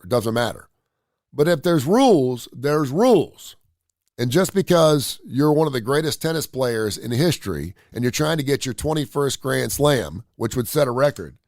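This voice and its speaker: A man's voice: on the high side, no echo, studio quality. A man hosting a live radio show, ranting bluntly with crude humor. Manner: blunt, opinionated, animated rants with crude humor. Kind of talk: casual live-stream monologue.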